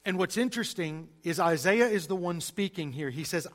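A man with a Southern US accent giving an emphatic, lively sermon-style Bible lesson to a church group, with folksy asides. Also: high-pitched, moderate pace, hardly any pauses. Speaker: preacher teaching a class.

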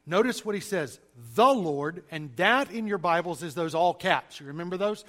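A man with a Southern US accent giving an emphatic, lively sermon-style Bible lesson to a church group, with folksy asides. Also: sits high, a little fast. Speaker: preacher teaching a class.

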